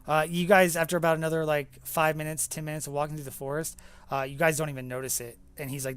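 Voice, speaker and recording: A young man narrating as game master in a tabletop game, halting and full of fillers. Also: on the high side, flat delivery, fairly bright tone, clear, resonant tone.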